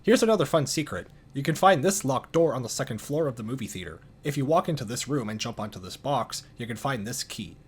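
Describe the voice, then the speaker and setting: A man narrating video game lore in a calm, dry scripted style with casual swearing. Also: medium pitch, fast talker, hardly any pauses, breathy edge.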